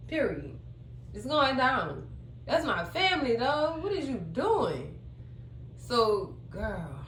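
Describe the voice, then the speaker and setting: This TV recap vlogger has a fairly high, slightly bright voice and talks casually through an episode, dramatically performing the characters' quotes. Her recording picks up room echo and a faint hum.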